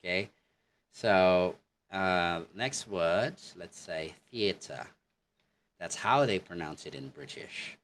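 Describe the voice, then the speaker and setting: Slow, deep-voiced male English teacher. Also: slight background noise. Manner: relaxed, with many fillers, demonstrating word pronunciations. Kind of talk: online English lesson.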